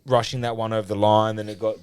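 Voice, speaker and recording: A man's voice: on the low side, level tone, fast talker, darkish tone, clean tone, dry recording. Aussie guy on a podcast rambling thru a story, swearing and laughing, dead dry sound. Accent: Australian. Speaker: podcast co-host. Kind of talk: casual chat.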